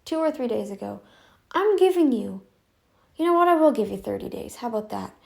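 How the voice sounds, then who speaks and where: Her voice a little high, animated and creaky, a woman running a YouTube commentary channel talks fairly quickly from a home room, out of frame. The casual monologue is confrontational, with repeated demands and many restarts.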